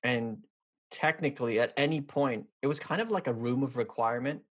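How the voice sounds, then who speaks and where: A man's voice: medium pitch, fairly quick. A man talking casually about a TV series, rambling and hesitant, with many fillers and restarts. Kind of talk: casual chat.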